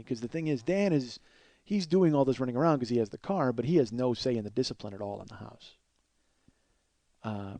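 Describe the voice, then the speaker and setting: A man's voice: mid-range voice, dark tone, dry recording. A man in his forties hosting a comedy podcast, telling a rambling, profane, self-deprecating story. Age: 40s. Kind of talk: storytelling monologue.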